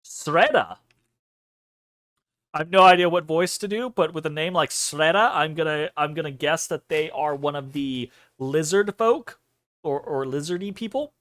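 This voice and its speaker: Casual, slightly high-voiced male gamer. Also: normal speed, a bit bright. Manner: casual, swears, laughs at the script. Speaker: let's play host. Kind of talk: gameplay commentary, reading dialogue aloud.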